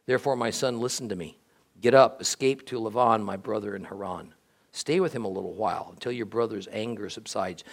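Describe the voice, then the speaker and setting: Man reading as a protective mother, urgent, hushed, scheming. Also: lowish voice, vocal fry, full character voice.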